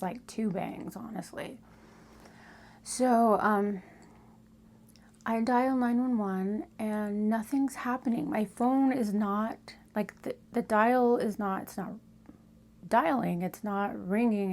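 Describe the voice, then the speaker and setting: A woman telling a personal story in a casual storytelling style, often dropping to a hushed whisper for suspense. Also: medium pitch. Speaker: storytime vlogger.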